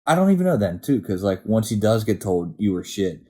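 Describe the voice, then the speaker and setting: Brief: low-voiced young male co-host, dark mellow tone, laid-back and profane. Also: big pitch swings, a little fast. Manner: laid-back, short agreeing replies, profane asides. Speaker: podcast co-host. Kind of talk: casual TV episode discussion.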